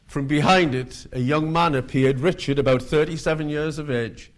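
A man preaching, telling street-evangelism stories in a lively way. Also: fairly high pitch, moderate pace. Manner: animated, acts out quoted voices. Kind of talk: sermon with storytelling.

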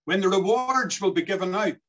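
A man delivers an earnest sermon. His voice is fairly high and bright, with a husky edge. It rises and sinks as he works through scripture. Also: fairly quick, highs cut off. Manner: earnest, swelling and dropping as he quotes scripture. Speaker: preacher.

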